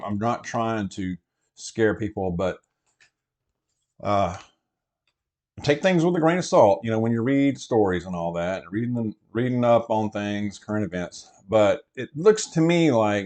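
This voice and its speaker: A man in the middle range of pitch, talking casually from the cab of a truck. He rambles through his thoughts with plenty of fillers, restarts and asides, like an easygoing vlog host chatting to his regulars. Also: a little mellow. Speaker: prepper vlogger host. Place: inside a truck.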